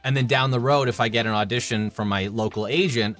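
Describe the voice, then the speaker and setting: Canadian guy in his 30s, voice actor, chatty and animated telling work stories, bit of music behind. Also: medium pitch, quick pace, hardly any pauses. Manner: chatty, animated anecdotes with acted-out quotes. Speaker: voice actor guest. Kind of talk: casual interview storytelling.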